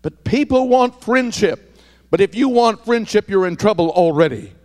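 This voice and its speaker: High-voiced preaching pastor, hushed to shouting. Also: male voice, expressive, moderate pace, in a large hall. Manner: swings from hushed to shouted, repetitive preaching cadence. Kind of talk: sermon.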